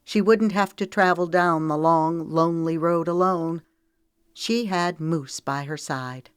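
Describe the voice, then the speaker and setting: A woman narrating an audiobook in a measured, even storytelling manner. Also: lowish voice, smooth, dry recording, studio quality.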